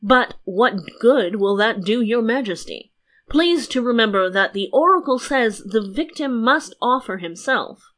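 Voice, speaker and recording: A composed young storybook prince, polite but unshaken, every word steady and measured, as a woman reading aloud plays him. The voice stays bright and clear throughout. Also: a little high. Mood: reasoning. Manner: cool and measured. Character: cool-headed young prince, calm and polite.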